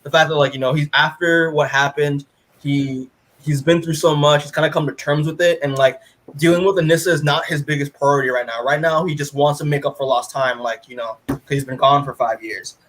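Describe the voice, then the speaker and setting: A man co-hosting a podcast, recapping a comic in casual chat, rambling with lots of fillers and retelling scenes in an animated way. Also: on the high side, fairly quick, a little hiss or hum. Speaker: podcast co-host.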